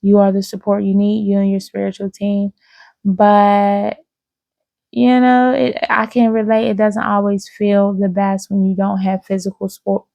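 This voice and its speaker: A woman giving an intuitive spiritual reading to her viewers, speaking slowly and soothingly with frequent "okay?" check-ins. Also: mid-range voice, completely flat delivery, gravelly, darkish tone, no room sound, lo-fi sound. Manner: slow, drawn-out, soothing, with many "okay?" asides. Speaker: psychic reader.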